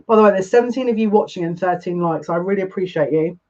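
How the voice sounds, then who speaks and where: Talking fast in a mid-range voice, a psychic gives a live tarot reading in an excitable, breathless rush, repeatedly abandoning and restarting sentences. The audio from the stream is lo-fi and dull.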